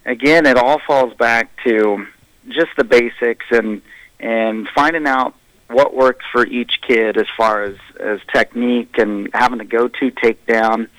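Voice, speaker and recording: Plainspoken coach, dry close sound. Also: male voice, mid-range voice, steady tone, a little slow, a bit bright, dry recording, rough recording. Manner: candid, plainspoken self-critique. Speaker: high school wrestling coach. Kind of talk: radio interview.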